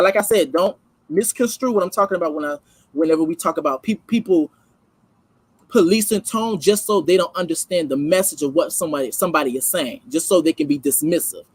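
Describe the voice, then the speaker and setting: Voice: medium pitch, slightly rough, dry recording, poor audio. A channel host giving casual, emphatic reaction commentary, full of slang and asides to viewers.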